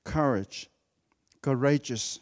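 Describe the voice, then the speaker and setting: Man, preacher, slow and emphatic, repeats words, mid pitch, church reverb. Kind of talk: sermon.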